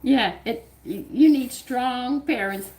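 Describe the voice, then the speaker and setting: An older woman with a Southern US accent, a cooking channel host, telling a home story in casual, animated talk and laughing often. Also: a little high, slow pace. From American South. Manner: animated, laughs often, swings loud and quiet.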